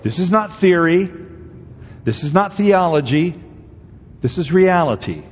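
A man's voice: high voice, lively intonation, unhurried, breathy edge. A man preaching a sermon as pastor, speaking emphatically and conversationally, with many rhetorical questions to the congregation. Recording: dull audio with long hall reverb.

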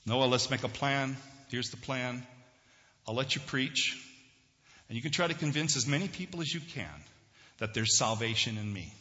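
An exasperated, fed-up God, as a man preaching puts him on, in a forceful, bright voice. The sound is dull and lo-fi with a long church reverb. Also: medium pitch, animated, moderate pace, long pauses. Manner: exasperated, complaining. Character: exasperated God, weary of his people. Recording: dull lo-fi recording in a reverberant hall.

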